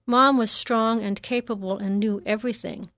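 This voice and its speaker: A woman narrating a first-person memoir in a measured, reflective reading. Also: medium pitch, fairly even intonation, a bit bright, no echo, clean studio sound.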